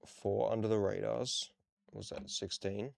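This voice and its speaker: A young Australian man with a relaxed, rambling manner, talking casually while opening trading cards. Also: on the low side, a little slow, creaky, no echo, studio quality. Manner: relaxed, rambling, self-deprecating. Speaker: card-opening channel host. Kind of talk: casual card-opening commentary.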